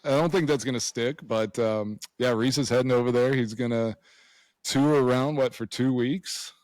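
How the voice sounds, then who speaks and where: A man's voice: mid-range voice, normal speed, a little mellow, no room sound, poor audio. A man in his thirties co-hosting a podcast, telling stories in a laid-back way and chuckling often. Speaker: podcast co-host. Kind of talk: casual interview chat.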